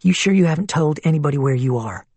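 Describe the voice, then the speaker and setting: A worried, skeptical woman questions and reasons in a level tone, as a male narrator voices her. The voice is husky. The recording is close and dry. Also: on the high side, lively intonation, quick pace, mellow, no echo.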